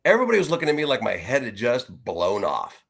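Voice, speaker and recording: Middle-aged male guest, earnest and reflective, mid-pitched voice, stops and restarts as he tells his story. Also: wildly swooping pitch, fast, creaky, a bit bright, breathy edge. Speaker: interview guest. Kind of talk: personal story in a conversation.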